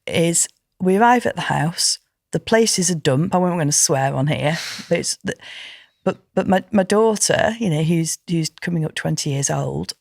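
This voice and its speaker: A middle-aged woman talks as a guest in a conversational interview. Her voice sits low, and her telling is emphatic, animated and indignant. The sound is dry and close, with no room around it. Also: normal speed, creaky, no room sound. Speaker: podcast guest, professional landlord.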